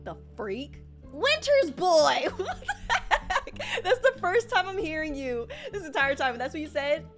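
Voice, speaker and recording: A woman's voice: high-pitched, sing-song, normal speed, few pauses. A young woman streaming a game, rambling and panicking aloud as she plays. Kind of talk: casual gameplay livestream. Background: game music.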